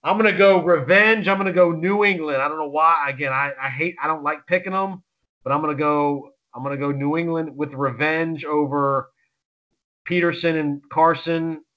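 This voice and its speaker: Guy talking football picks, rambly and excitable, kinda high voice, muffled lo-fi sound. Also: normal speed. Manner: rambling, excitable, frequent restarts. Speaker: sports podcast co-host. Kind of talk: casual sports betting chat.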